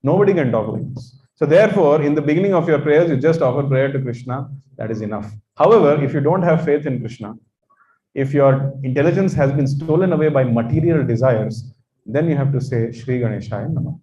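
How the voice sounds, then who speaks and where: A man's voice: medium pitch, a little fast, dark tone. A man with an Indian English accent, teaching a religious course and preaching emphatically. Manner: emphatic, repeats phrases, chants in sanskrit. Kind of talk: religious lecture. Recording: echoey, dull lecture recording.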